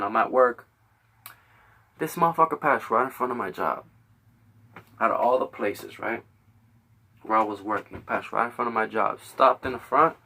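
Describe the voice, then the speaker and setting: A man's voice: medium pitch, sharp tone, far from the mic. A young man hosting a show, telling a heated, profane story full of acted-out quotes. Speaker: podcast host.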